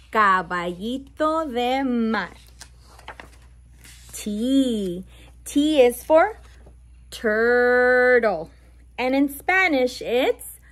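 This children's book reader has a high voice with a fairly bright tone. Reading a bilingual picture book to toddlers, she slowly stresses every letter sound and playfully imitates animals.

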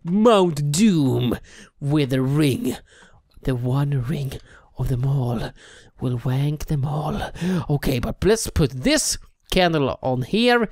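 A woman giving gameplay commentary, excitable, shrieking and swearing often. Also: deep voice, takes it slowly. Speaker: let's play gamer.

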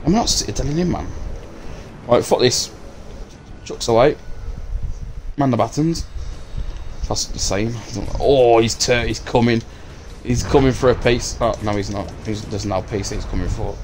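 A man's voice: lowish voice, measured pace, long pauses, a little mellow, a little hiss or hum. A man streaming a game live, swearing freely, bantering and taunting his opponents. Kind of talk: live gameplay commentary.

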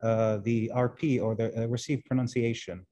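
A man's voice: medium pitch, steady tone, normal speed, mellow. A man whose first language is Arabic, a translation professor speaking as a guest in an interview, thoughtful and often repeating words as he searches for phrasing. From Arab world. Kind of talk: interview conversation.

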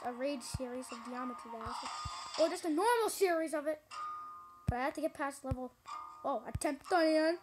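A woman's voice: high voice, rough recording. A young woman giving gameplay commentary, frustrated and exclamatory, talking to her viewers. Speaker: gaming YouTuber. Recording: game music playing loudly. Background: loud game music.

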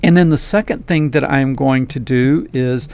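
Male coding teacher, gravelly voice, mid pitch, folksy and enthusiastic, casual lesson. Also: normal speed, darkish tone. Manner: folksy, enthusiastic, talks straight to viewers. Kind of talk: casual screen-recorded lesson.

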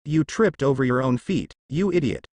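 A man reading a cocky young ninja who talks back brashly and smugly. The pitch moves with lively swings in a dry, close sound. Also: normal speed, no echo, natural voice. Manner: brash, smug.

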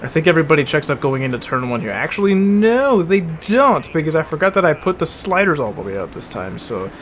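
A young man giving casual commentary while playing a racing game, full of bro and swearing, sometimes flaring into loud angry rants. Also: fairly high pitch, very animated, a little fast, slight background noise. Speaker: gaming video host.

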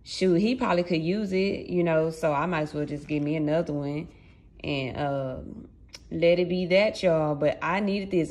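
A woman's voice: low-pitched, normal speed, darkish tone. A woman in her late twenties chatting casually and straight to her viewers, with loose folksy slang. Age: late 20s. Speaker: vlogger.

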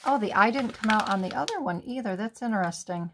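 A woman's voice: mid-range voice, lively intonation, fast, noisy background. A woman hosting a card-making tutorial, thinking aloud in a casual, musing way as she works. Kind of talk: casual crafting tutorial talk.

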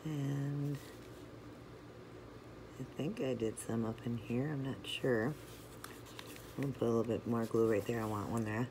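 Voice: mid-range voice, fairly even intonation, measured pace, pauses often, noisy background. Chatty nail art tutorial host. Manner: chatty, talks through each step while working. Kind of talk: step-by-step craft tutorial.

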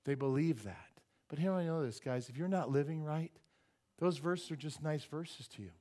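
A male pastor preaching a sermon in church, animated, firing rhetorical questions at the congregation and dropping joking asides. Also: a little high, normal speed. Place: church sanctuary.

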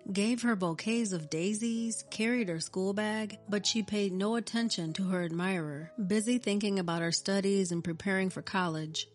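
A woman reading a scripted story in a steady, even narration. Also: medium pitch. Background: faint music.

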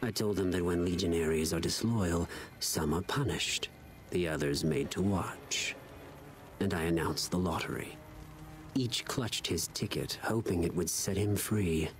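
An actor playing a cruel Legion officer who lectures in a measured, contemptuous way, in a video game. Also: male voice, sits low, lively intonation, faint music behind. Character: cold cruel Legion officer, stern older man.

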